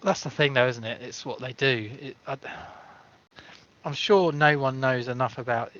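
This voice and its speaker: A man's voice: medium pitch, normal speed, a bit bright. A man co-hosting a casual film review podcast, agreeable and easygoing, with some swearing. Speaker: podcast co-host. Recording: dull lo-fi podcast audio.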